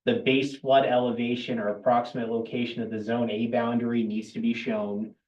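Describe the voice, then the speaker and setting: A man's voice: mid-range voice, little pitch movement, a little fast, a little mellow, muffled recording. Man explaining rules in an echoey meeting room. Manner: plain, matter-of-fact, with dry asides. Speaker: town planning staff presenting at a board meeting. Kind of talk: explaining regulations at a public meeting. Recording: roomy, distant public-meeting recording.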